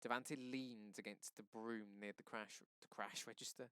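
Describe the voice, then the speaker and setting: A male teacher reading a novel aloud for a lesson, steady, with quick self-corrections and asides. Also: fairly low pitch, clean tone, no room sound.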